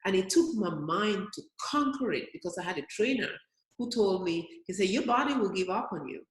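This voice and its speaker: A woman's voice: medium pitch, expressive, brisk. A woman in her early fifties, a physician guest on an interview, telling stories with energy and acting out her own inner voice. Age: early 50s. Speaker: physician and weight loss guest. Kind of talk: interview storytelling. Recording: roomy echo.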